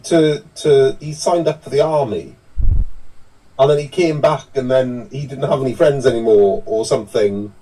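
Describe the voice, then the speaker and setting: Brief: male co-host, mellow husky voice, distant mic. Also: mid-range voice, moderate pace. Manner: rambling, repeats himself. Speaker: podcast co-host. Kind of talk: casual chat.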